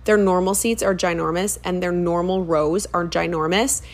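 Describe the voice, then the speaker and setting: A young woman who works as a fitness trainer, hosting a casual solo podcast with a chatty, animated manner and lots of ums and asides. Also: lowish voice, moderate pace. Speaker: podcast host.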